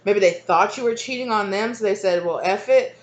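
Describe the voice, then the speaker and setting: A woman's voice: mid-range voice, fairly quick. A woman giving a casual spoken tarot reading, rambling and repeating herself with lots of fillers and chatty asides. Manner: laughs easily, chatty asides. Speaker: tarot reader.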